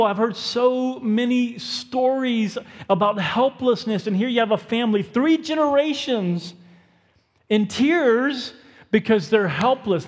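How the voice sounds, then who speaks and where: Young man, pastor, conversational sermon storytelling, slightly raised voice, long reverb. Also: on the high side. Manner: storytelling, conversational, talks to himself in quotes.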